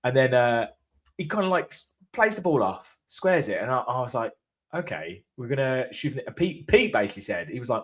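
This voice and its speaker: A man's voice: mid-range voice, sing-song, brisk. A man co-hosting a casual fan chat, telling rambling anecdotes in a chatty way. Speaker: fan channel co-host. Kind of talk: casual match-reaction chat.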